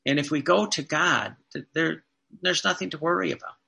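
A man's voice: fairly high pitch, moderate pace, creaky, bright, forceful tone. A man, a Catholic priest, preaching a sermon earnestly, repeating phrases and asking the listeners rhetorical questions.

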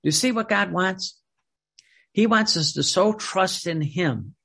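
A man's voice: high-pitched, takes it slowly, gravelly, pushed and bright, husky. A man preaching a sermon in an emphatic, repetitive way, often restarting his sentences.

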